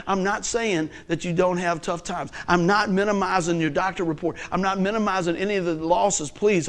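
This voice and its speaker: A man preaching a sermon in a folksy, conversational way, swinging from hushed lines to shouts. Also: high voice.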